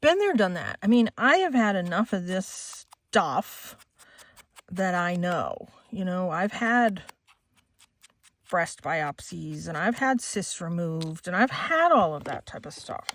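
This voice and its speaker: A woman's voice: lowish voice, sing-song, slow pace. A woman in her forties telling a personal story in a casual chat, laughing and acting out the lines she quotes. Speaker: crafting vlogger.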